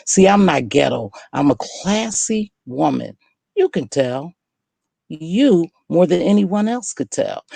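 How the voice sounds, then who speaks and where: Defiant woman with a gravelly voice. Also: rumbling low, darkish tone, no echo. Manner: defiant, emphatic, scolding. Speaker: online video host. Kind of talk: direct-to-camera rant.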